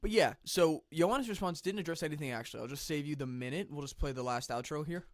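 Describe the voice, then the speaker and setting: A man's voice: fairly high pitch, expressive, fast talker, no echo, studio quality. Casual male commentator, slightly phlegmy. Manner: conversational, with restarts and throat clearing. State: phlegmy from the cold. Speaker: commentary channel host.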